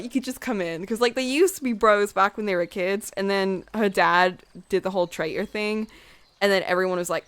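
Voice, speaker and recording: A young woman streamer casually retelling a book she loves, animated, full of fillers and acted-out quotes. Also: mid-range voice, fairly quick, smooth. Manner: animated storyteller, lots of "like", acts out dialogue in quotes. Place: home room while drawing on stream.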